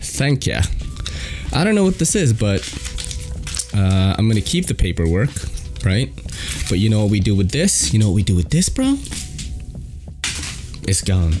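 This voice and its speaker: A man's voice: lowish voice, big pitch swings, moderate pace, pauses often, over music. A man hosting his own unboxing vlog, chatting to viewers in a hyped, slangy way. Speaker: host of a knife unboxing channel. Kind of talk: casual unboxing vlog chat.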